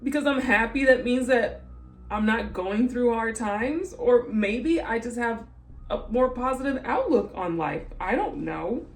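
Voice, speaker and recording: A woman's voice: a little high, expressive, a little slow, poor audio. A young woman vlogging about a hard stretch of her life, crying and laughing through tears as she talks openly. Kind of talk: emotional personal vlog.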